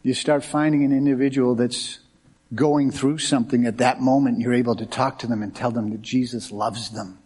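A middle-aged American man preaching as a pastor. He tells anecdotes in an animated way, acting out the quoted dialogue as he goes. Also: mid-range voice, moderate pace, husky. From United States. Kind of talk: sermon with storytelling.

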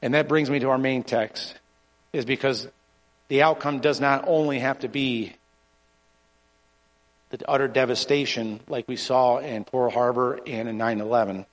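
A man preaching a sermon and reading scripture aloud, in an earnest, halting way with frequent restarts. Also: medium pitch, steady tone. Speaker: pastor. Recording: long hall reverb.

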